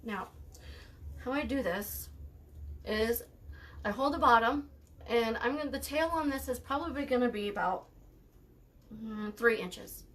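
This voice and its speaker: A woman's voice: a little high, a little slow, pauses often, fairly bright tone. A woman hosting a live craft tutorial, chatting casually while she works, thanking viewers by name and laughing easily with dry sarcasm. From United States.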